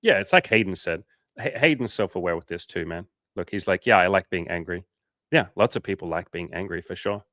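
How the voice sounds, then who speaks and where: A man's voice: brisk, pushed and bright, no room sound, studio quality. A man coaching viewers on a livestream, talking bluntly and casually, swearing now and then. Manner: blunt, casual, swears, acts out quotes in higher voices.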